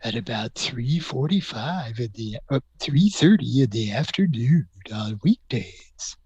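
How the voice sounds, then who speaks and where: A husky man in a mid pitch, co-hosting with deadpan interruptions. He sounds dry and close to the mic. His delivery stays flat and matter-of-fact. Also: a little slow, dry recording, muffled recording.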